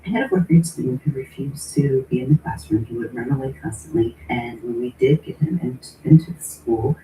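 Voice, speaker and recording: A school staff member recounting a story in a measured way. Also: medium pitch, warm tone, slight background noise. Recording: distant and roomy.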